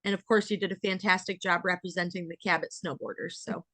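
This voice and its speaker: A woman's voice: on the low side, fairly even intonation, fast, fairly bright tone, no echo. A young adult woman with an American accent, a dairy farmer hosting a casual interview podcast and talking in a rambling way full of fillers.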